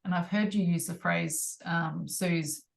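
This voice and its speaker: A woman with a slightly low voice co-hosts a podcast. She speaks in a thoughtful, encouraging, steady manner, in easy conversational chat. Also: measured pace, gravelly. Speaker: podcast co-host.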